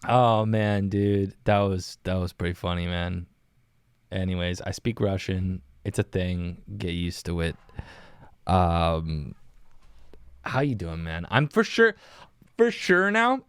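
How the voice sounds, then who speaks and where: A man's voice: sits low, fairly even intonation, takes it slowly, darkish tone, clean tone, dry recording. A young man hosting a casual solo podcast, rambling, laughing often and calling his listeners "dude". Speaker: podcast host. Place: small windowless indoor room.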